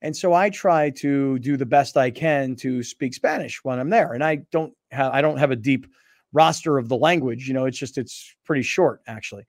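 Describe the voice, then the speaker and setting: A man's voice: mid-range voice, moderate pace, no echo, clean studio sound. A man hosting a sports talk show, joking around in a laid-back, drawling way.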